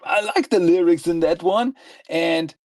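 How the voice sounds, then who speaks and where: A man's voice: fairly high pitch, measured pace, darkish tone, dry recording. A man co-hosting a podcast, chatting enthusiastically and rambling with frequent laughs. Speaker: podcast co-host. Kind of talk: casual podcast chat. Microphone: podcast microphone, audio only.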